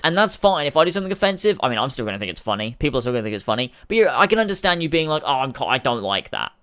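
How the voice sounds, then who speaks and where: A man's voice: fairly high pitch, a bit bright. A man vlogging to camera in a casual rant, swearing heavily as he grows furious. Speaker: YouTuber.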